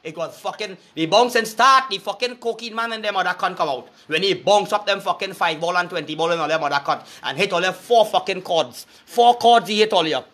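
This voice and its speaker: A man's voice: sits high, brisk, few pauses, fairly bright tone, a little hiss or hum. A man with a Trinidadian accent giving a crude, preachy rant, breaking into sing-song chants. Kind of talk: profane rant to camera.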